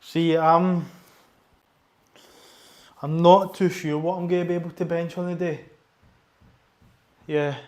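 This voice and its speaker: A man's voice: a little high, little pitch movement, slow, pauses often, a little mellow. Chatty Scottish man in a gym. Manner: chatty, rambling, self-correcting. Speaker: powerlifting vlogger. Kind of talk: casual gym vlog chat. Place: gym, indoors. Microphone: wireless lapel mic under t-shirt.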